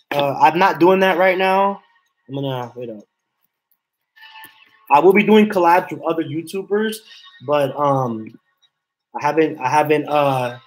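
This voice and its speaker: A man chatting casually on a live stream from his home office. His voice sits a little higher than usual for a man. He rambles, repeats himself and reads chat messages aloud. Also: rough recording. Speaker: livestream host.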